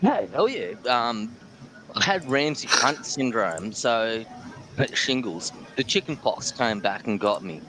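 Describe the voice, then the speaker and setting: A man's voice: medium pitch, very animated, unhurried, sharp tone, slight background noise, rough recording. An Australian man being interviewed about eating chilli, chatting casually and bluntly, joking and laughing as he talks. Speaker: guest, chilli-eating champion.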